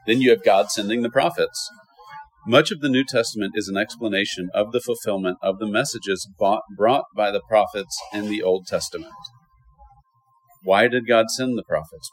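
Guy with a lowish voice teaching bible class, keeps asking questions, faint music under it. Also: poor audio. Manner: lively questioning, with self-answered rhetorical questions.

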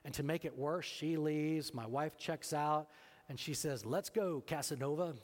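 A man's voice: on the high side, fairly even intonation, a little slow. A male pastor preaching a sermon, telling a story and acting out both sides of the conversation. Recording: long hall reverb.

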